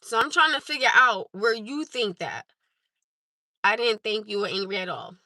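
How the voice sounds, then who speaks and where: A woman's voice: medium pitch, lively intonation, normal speed, sharp tone, no echo. A woman hosting a live stream, talking to her chat in an emphatic, insistent way and repeating her points. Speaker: livestream host.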